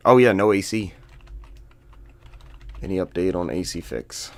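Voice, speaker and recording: A man's voice: low voice, expressive, unhurried. A man hosting a casual video game podcast, rambling and joking with frequent laughs. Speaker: podcast host.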